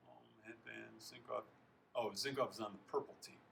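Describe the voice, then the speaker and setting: A man reading a children's novel aloud, expressive, stopping now and then to comment on the text and correct himself. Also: mid-range voice, moderate pace, creaky, slight background noise, rough recording. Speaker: reader.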